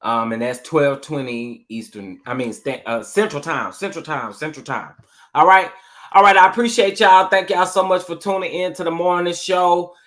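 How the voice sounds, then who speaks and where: A man's voice: on the high side, moderate pace. A man hosting a casual livestream, talking animatedly and repeating himself as he addresses his viewers. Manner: animated, repetitive, talks straight to the chat. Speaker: livestream show host.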